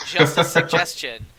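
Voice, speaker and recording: A man's voice: a little high, takes it slowly, bright, forceful tone, low-quality recording. A man narrating as game master in a casual tabletop game, hesitant and full of ums.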